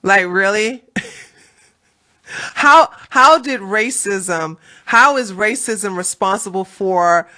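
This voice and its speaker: A woman's voice: medium pitch, slow pace, sharp tone. A woman from Washington, D.C., hosting a commentary video and talking in a blunt, taunting, scornful way. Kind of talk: mocking political commentary.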